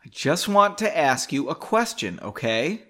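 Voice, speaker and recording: A man's voice: fairly high pitch, very animated, a little slow, sharp tone, exaggerated voice. A man reading as a cool, commanding young woman. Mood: firm. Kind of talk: reading his own story aloud.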